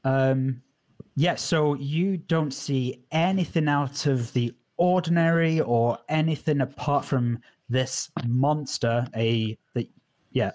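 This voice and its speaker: Guy dm-ing a tabletop game, mid pitch, kinda rambly, restarts a lot. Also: a little mellow. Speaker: dungeon master. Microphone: home mic on a live stream.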